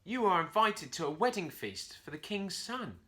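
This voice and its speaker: A man's voice: big pitch swings, moderate pace, bright, forceful tone, full character voice. Man doing Curly, an eager little monkey. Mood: announcing. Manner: high, eager and flustered, stammering. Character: small eager male monkey messenger, anxious.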